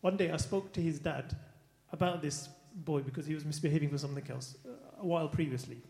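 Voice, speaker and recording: A middle-aged man, a mosque teacher telling a lively anecdote and acting out the dialogue. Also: fairly high pitch, fast talker, gravelly. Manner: lively storyteller, acts out dialogue. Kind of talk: anecdotal storytelling. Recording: echoey room.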